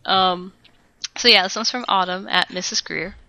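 A woman co-hosting a casual podcast, reading a listener's letter with expressive feeling and frequent giggles. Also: fairly low pitch, normal speed, lo-fi sound. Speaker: podcast co-host.

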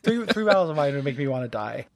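Quick, rambling, self-deprecating male co-host in loose chat. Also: medium pitch, very animated, a crowd in the background. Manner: rambling, self-mocking, many fillers and restarts. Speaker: podcast co-host. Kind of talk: casual chat.

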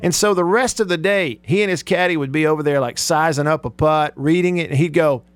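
A man's voice: on the high side, fairly quick, clear, resonant tone, dry recording. A man in his forties hosting a radio show, telling stories easily and laughing often. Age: 40s. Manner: laughing storyteller, easygoing. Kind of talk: casual radio chat. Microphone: studio microphone.

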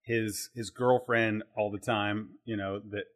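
A man's voice: on the low side, flat delivery, measured pace. Rambling man thinking aloud about a film. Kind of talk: casual film discussion podcast.

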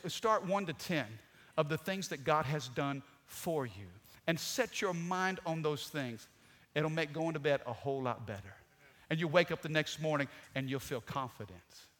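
A man preaching a sermon with dynamic delivery, swinging from loud to soft. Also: fairly high pitch. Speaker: pastor. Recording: long hall reverb.

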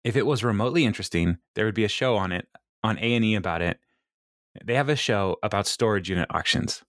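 Male podcast co-host with a fairly low voice; chatty sitcom recaps, frequent laughter, dry booth sound. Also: fast talker, dry recording. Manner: laughs often, quotes characters in animated voices. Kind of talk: casual chat.

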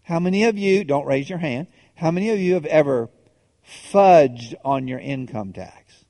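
A man's voice: a little high, expressive, moderate pace, warm tone, dry recording, big-room sound. A male pastor preaching a sermon in a conversational way, asking the congregation questions and often restarting his sentences.

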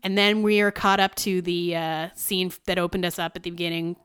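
A woman's voice: on the low side, fairly even intonation, a little fast, fairly bright tone, clean tone. A young adult woman hosting a podcast, chatting casually and sardonically with frequent laughs. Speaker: podcast host. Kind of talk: casual chat.

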